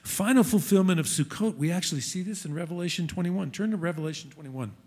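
A teacher of a messianic congregation preaches a sermon in a hall with a screen, his man's voice high-pitched, fast and slightly mellow. His delivery is earnest, rising and falling as he addresses the congregation.

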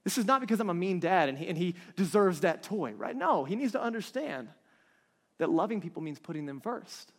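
A man in his thirties, a pastor, preaches a conversational sermon with a high, animated, brisk voice. He keeps checking in with his listeners. The long reverb of a large hall surrounds the recording.

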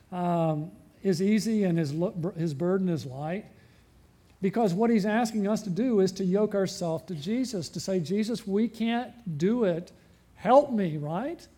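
A man preaching a sermon as pastor, asking the congregation frequent rhetorical questions and slowing and dropping his voice for emphasis. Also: sits high, lively intonation. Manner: varies pace and loudness, slowing and dropping for emphasis.

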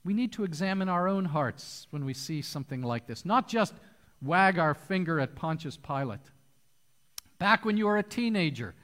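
Animated high-voiced preacher in a reverberant hall. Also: male voice. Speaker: pastor. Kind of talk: sermon. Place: church hall.

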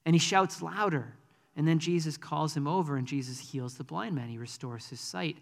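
A man's voice: on the high side, moderate pace, gravelly, in a large hall. A man preaching a sermon in a conversational, earnest way, with frequent ums. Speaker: pastor.

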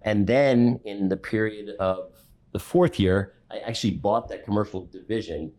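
Middle-aged male guest, very deep voice, lively storyteller who acts out the people in his stories. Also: moderate pace. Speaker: commercial real estate broker, guest. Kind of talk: storytelling in a conversational interview.

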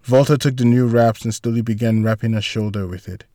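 A man narrating a story chapter in a steady, scripted reading. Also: medium pitch, fairly quick, hardly any pauses, no room sound, studio quality. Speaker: audiobook narrator.

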